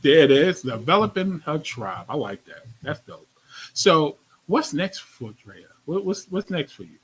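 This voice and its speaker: A man's voice: on the high side, very animated, unhurried, fairly bright tone, slightly rough, poor audio. A man with a New York accent hosting a radio interview, chatting casually in slang and repeating his phrases. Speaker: radio show host.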